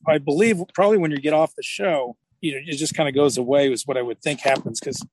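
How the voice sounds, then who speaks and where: A man's voice: on the high side, quick pace, slight background noise, low-quality recording. A middle-aged man chatting casually as an interview guest, rambling and restarting his sentences as he tells stories. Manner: rambling, self-correcting storyteller. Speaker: podcast guest.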